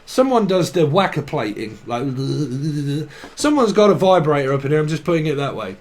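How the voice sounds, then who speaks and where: A man with a somewhat high, very animated voice and a darkish tone speaks at a moderate pace, with slight background noise. He's rambling through a free-associating tarot channelling session, playing on words and giggling at himself.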